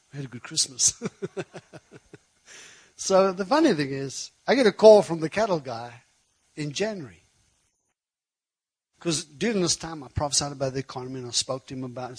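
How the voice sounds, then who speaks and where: A man preaching a sermon, telling a personal story in a conversational, animated way. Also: mid-range voice, breathy edge, rough recording.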